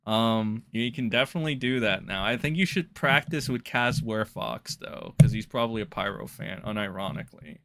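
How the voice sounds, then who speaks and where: A man streaming live with a bright, clear voice at a middle pitch. He talks in casual, rambling commentary, blunt and loaded with swearing. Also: a little fast, hardly any pauses. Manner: profane, blunt, loose and rambling. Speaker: streamer reacting to drama.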